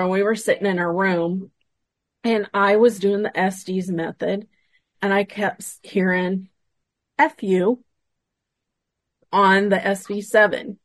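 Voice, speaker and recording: A woman guest tells a story from a paranormal investigation in a casual, lively voice, acting out what each person said. Her pitch sits in the middle range. The sound is dry and close, with no room echo. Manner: animated retelling, acting out quoted dialogue.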